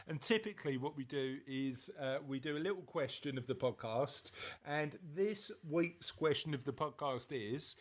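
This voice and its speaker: A man from southeast England co-hosting a podcast, chatting casually and reading news aloud in a jokey way that stumbles over words. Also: on the high side. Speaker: podcast co-host.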